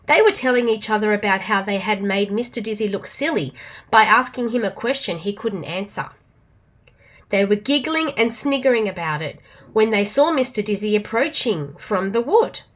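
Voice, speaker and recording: A woman with an Australian accent reading a storybook aloud to children, expressive and animated. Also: medium pitch, moderate pace.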